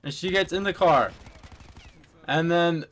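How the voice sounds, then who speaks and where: A man's voice: fairly high pitch, measured pace, fairly bright tone. A young man telling a story to friends in a casual voice chat, rambling with lots of fillers and swearing.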